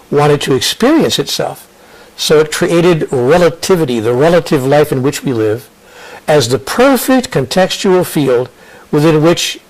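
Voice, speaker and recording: American guy in an interview, earnest and thoughtful, kinda high voice, keeps restarting sentences. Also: poor audio. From United States. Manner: earnest, restarts and repeats phrases, slows for emphasis. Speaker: interview guest, spiritual author. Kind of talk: reflective interview talk.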